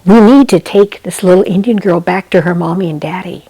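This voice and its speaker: A woman's voice: lowish voice, fairly quick, mellow, husky, no echo, pitched below the performer's own voice, rough recording. A woman voicing soldiers at a frontier fort who speak plainly and decisively. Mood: firm.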